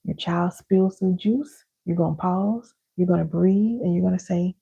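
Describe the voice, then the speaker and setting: A woman's voice: lowish voice, normal speed, creaky, few pauses, warm tone, slightly rough, lo-fi sound. A woman giving a live parenting and healing teaching, emphatic, repeating key lines and calling listeners baby and y'all.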